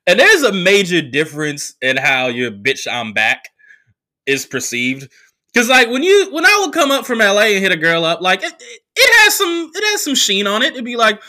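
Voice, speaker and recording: A young male comedian from the Bay Area tells a loose, profane story on his show. His pitch jumps wildly as he acts out the people he quotes. His tone is bright and punchy. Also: very animated, moderate pace. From San Francisco Bay Area. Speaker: comedian podcast host. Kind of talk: casual storytelling monologue.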